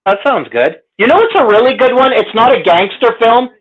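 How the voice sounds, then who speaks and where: A man's voice: very high voice, expressive, a little fast. A man with a Canadian accent chatting casually, laughing often and swearing as he rambles. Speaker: podcast co-host. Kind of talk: casual chat. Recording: tinny phone-like line.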